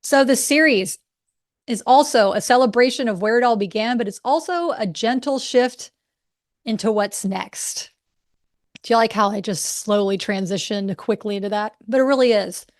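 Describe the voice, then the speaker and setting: A woman, hosting a podcast and telling a story in a casual, animated way, laughing often. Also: on the high side, moderate pace, no room sound, studio quality. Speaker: podcast host.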